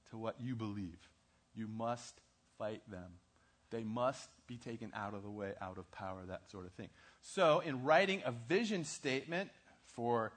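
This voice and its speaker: A man preaching a church sermon, telling a story, acting out dialogue and asking the audience questions. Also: medium pitch. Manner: animated, asks the audience questions, acts out dialogue. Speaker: pastor.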